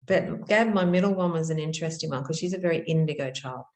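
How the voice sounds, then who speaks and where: A middle-aged woman teaching about spiritual practice in a gentle, earnest manner, telling stories with soft restarts. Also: sits low, fast talker, echoey room. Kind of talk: reflective spoken teaching.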